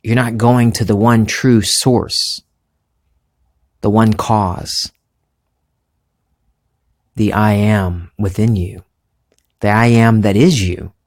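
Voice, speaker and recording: Male podcast host, faint Southern accent, lower voice, earnest and musing spiritual monologue. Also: steady tone, takes it slowly, pauses often. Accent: slight Southern American. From American South. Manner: earnest, musing, thinks aloud.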